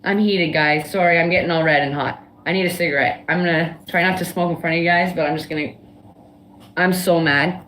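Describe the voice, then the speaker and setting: A woman's voice: lowish voice, steady tone, a little fast, a bit bright, slight background noise. Blunt defiant woman ranting, roomy echo. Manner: blunt, swearing, defiant, laughs between outbursts. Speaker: livestream guest. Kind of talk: heated casual rant on a livestream.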